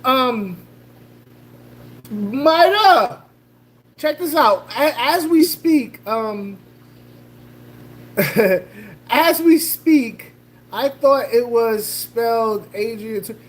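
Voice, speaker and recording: A woman's voice: fairly high pitch, expressive, drawn-out words, pauses often. A woman hosting a casual livestream, joking loosely with slang, laughing and greeting chatters by name. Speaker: livestream host.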